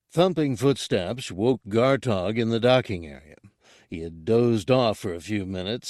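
A man reading a story aloud in a steady, measured narration. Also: fairly low pitch, no room sound, studio quality. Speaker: audiobook narrator.

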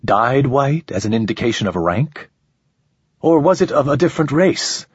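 A man reading a science-fiction novel aloud as narrator, in a measured, unhurried way. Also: mid-range voice, expressive, breathy edge, no echo. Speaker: audiobook narrator. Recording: slightly dull, dry audio.

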